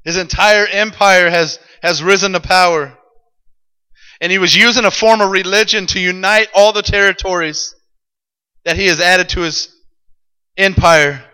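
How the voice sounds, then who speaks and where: Bright, high-voiced preacher in a big hall. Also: male voice, moderate pace, long pauses, clear, resonant tone. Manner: animated, dramatic retelling. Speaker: pastor. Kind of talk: sermon storytelling.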